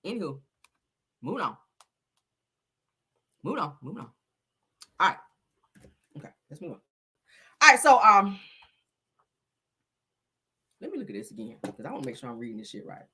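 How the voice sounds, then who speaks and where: A woman's voice: sits low, very animated, normal speed, long pauses, sharp tone, breathy edge. A woman hosting a casual gossip commentary, reading messages aloud, chatty and profane, talking straight to her viewers.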